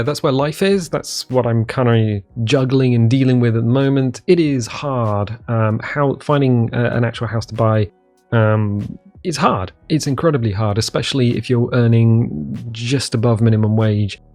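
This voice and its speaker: A man's voice: mid-range voice, measured pace, darkish tone, soft background music. A man with an English accent talking casually to camera in a vlog from his living room, rambling and self-deprecating with many ums and restarts. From England. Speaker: vlogger.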